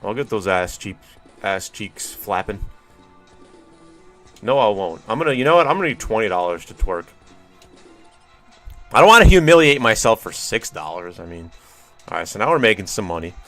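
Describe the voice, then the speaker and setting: A man's voice: lowish voice, lively intonation, moderate pace, long pauses, fairly bright tone, faint music behind. A man streaming a video game, rambling wryly and swearing casually as he chats with viewers. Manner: rambling, profane, wry musing to chat. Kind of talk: casual gameplay commentary.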